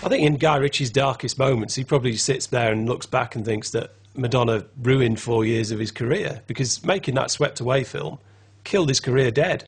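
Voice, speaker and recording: A man's voice: medium pitch, fairly quick, gravelly, breathy edge. A man commentator giving blunt, opinionated interview remarks.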